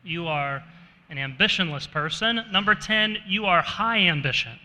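A pastor preaches a conversational sermon at an unhurried pace, putting questions to his listeners. His voice is strikingly bright and a bit high, and it echoes through a reverberant church hall. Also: expressive. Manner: conversational, asks the congregation questions.

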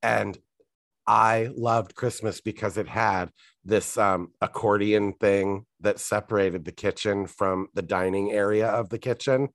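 Male podcast co-host, lowish voice, dry close sound, meandering casual chat full of ums. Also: fairly even intonation, unhurried, no room sound. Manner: rambling, filler-heavy, self-correcting.

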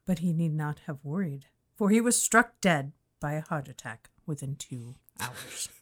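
A woman with a lively, up-and-down voice, chatting casually with a co-host. She jokes around and mimics characters in exaggerated tones. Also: sits low, a little slow. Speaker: podcast co-host. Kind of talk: casual chat.

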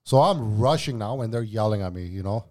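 A man's voice: lowish voice, brisk. A man and former cook telling stories in a casual podcast chat, profane and slangy, often calling the other person "bro". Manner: animated anecdote-teller.

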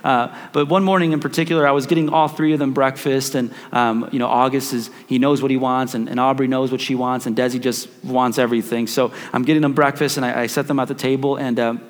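A man in his thirties preaches from the pulpit in a voice of middling pitch. He circles back on his words, repeating key lines to drive them home. His voice rings out with a long church-hall reverb. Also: level tone, fast, hardly any pauses. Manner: repeats key phrases for emphasis, many restarts. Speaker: pastor. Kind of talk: sermon.

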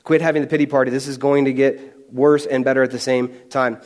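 A man preaching a sermon as a pastor, animated and often repeating words as he talks. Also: medium pitch, a little fast.

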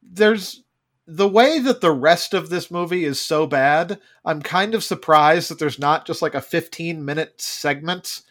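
A man's voice: fairly high pitch, measured pace, a bit bright. A man co-hosting a casual podcast, talking wryly about a bad movie and laughing between points. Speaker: podcast co-host. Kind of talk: casual chat.

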